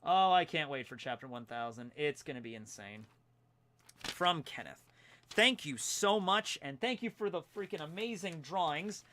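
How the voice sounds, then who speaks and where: A man's voice: on the high side, animated, moderate pace, pushed and bright, slight background noise. A young man chatting loosely from home on a livestream, rambling with lots of fillers as he goes through fan mail. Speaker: streamer reading fan mail. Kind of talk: casual livestream chat.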